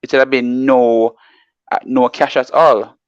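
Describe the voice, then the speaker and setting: A man's voice: mid-range voice, little pitch movement, a little slow, clear, resonant tone, no room sound. Man analyst, dry dull-sounding mic. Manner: reads out formal text, then explains at length with many "you know"s. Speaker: market analyst. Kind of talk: explaining finance on a live show.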